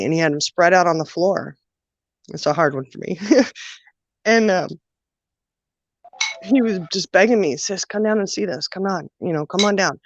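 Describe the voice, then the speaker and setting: A woman telling her own childhood story in a halting, emotional way, with many pauses and fillers. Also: on the low side, no room sound. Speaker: guest sharing childhood story. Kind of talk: personal storytelling. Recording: dull, dry lo-fi sound.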